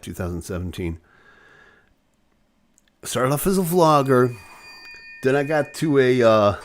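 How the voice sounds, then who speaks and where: A man hosting a live online show, chatting casually with viewers and going off on joking, rambling rants. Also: fairly low pitch.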